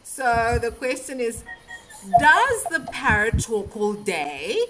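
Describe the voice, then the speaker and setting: A woman teaching a live beginner English lesson, speaking slowly and carefully and laughing often. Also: fairly high pitch, sing-song, music in the background, low-quality recording.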